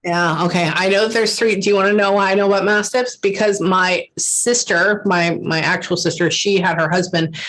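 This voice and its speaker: A woman's voice: mid-range voice, fairly even intonation, moderate pace, few pauses, fairly bright tone. A woman working as a psychic medium in a casual reading, emotional and swearing freely, often stopping to say hold on. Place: lives in Texas.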